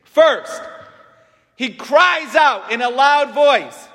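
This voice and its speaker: A man's voice: very high voice, lively intonation, very slow, pushed and bright. A man giving a conversational homily in a church, often checking in with the congregation with "right?". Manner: conversational, frequent "right?" tag questions. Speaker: preacher. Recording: long church reverb.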